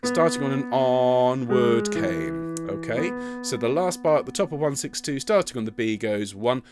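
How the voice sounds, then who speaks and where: With loud music behind him, a man speaks expressively at a normal pace in a mid-range voice. He's rehearsing tenors online, encouraging them, explaining the notes, counting in, and modeling phrases by singing.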